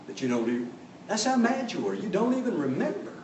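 A man's voice: sits high, wildly swooping pitch, fast, a little mellow, slight background noise. A man preaching a sermon, telling the story with drama and acting out voices. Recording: echoey room from a distance.

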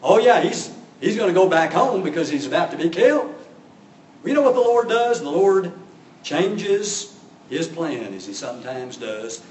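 A man whose voice sits on the high side, with a darkish tone, preaches very animatedly at normal speed, acting out voices as he dramatizes the story. The sound is distant and echoey, with slight background noise.

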